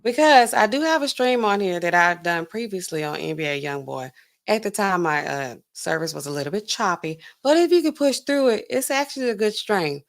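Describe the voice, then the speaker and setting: Hosting a casual livestream, a woman pharmacist chats with viewers and slips into quick asides where she acts out customers. Her voice is mid-range with lively intonation.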